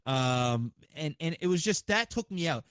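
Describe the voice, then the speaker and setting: A man hosting a podcast, chatting casually in an excitable, profane way with lots of restarts. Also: fairly high pitch, moderate pace, smooth, dry recording. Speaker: podcast host.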